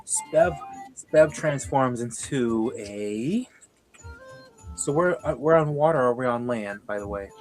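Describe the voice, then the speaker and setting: A man playing in a tabletop game, slow and thoughtful in his speech. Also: mid-range voice, animated, darkish tone, faint music behind. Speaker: player.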